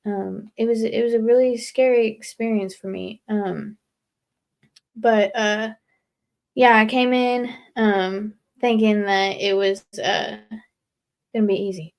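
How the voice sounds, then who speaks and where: A woman's voice: medium pitch, steady tone, slow, vocal fry. Earnest young woman, rambling with fillers. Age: young adult. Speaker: guest leaving a recovery house. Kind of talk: casual live interview.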